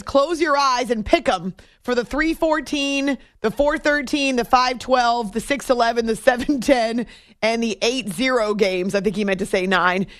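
A woman's voice: on the high side, no echo. A woman from New Hampshire hosting a sports radio show, chatting casually, laughing often and reading out listener messages. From New Hampshire, USA. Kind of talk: casual late-night radio chat. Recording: dry studio mic.

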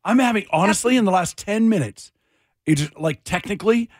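A man's voice: sits high, lively intonation, fairly quick, dry recording, clean studio sound. A man hosting a radio show, bantering playfully and bossing his co-hosts through a game. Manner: playful, bossy game-runner. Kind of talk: casual morning radio banter.

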